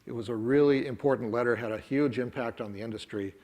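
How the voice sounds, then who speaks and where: A man's voice: mid-range voice, quick pace, a little mellow. A middle-aged man giving a wry, conversational technical talk at a conference, full of ums and uhs. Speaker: conference speaker. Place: conference room.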